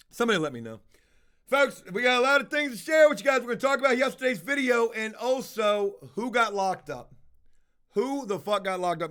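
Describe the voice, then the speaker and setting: A male livestream host with a smooth, high-sitting voice tells a meandering story casually, swearing along the way. Animated throughout, he acts out both sides of the dialogue.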